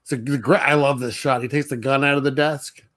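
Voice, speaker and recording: A man's voice: mid-range voice, steady tone, brisk, a bit bright. Chatty laughing man recapping a film. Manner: laughs often, loose retelling with many fillers. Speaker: podcast co-host. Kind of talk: casual movie discussion.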